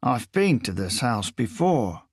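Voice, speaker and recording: A man's voice: medium pitch, very animated, takes it slowly, slightly rough, dry recording, studio quality, heavily acted. A man voicing a smug, sadistic male gunman in an audiobook, with a sneering, gloating, crude manner. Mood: taunting. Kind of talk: audiobook character voice.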